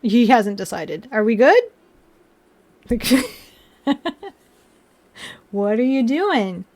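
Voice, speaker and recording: A woman's voice: fairly high pitch, sing-song, extremely slow, darkish tone. A young woman chatting casually on a live stream, giggly and rambling, with lots of "like" and restarts. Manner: chatty and giggly, full of "like" and restarts, baby-talks to her pets.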